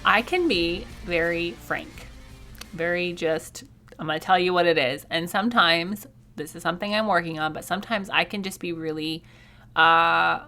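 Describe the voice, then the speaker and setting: A woman's voice: on the low side, moderate pace, pushed and bright, soft background music. Chatty woman podcast host. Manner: chatty, candid, laughs often. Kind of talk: casual chat.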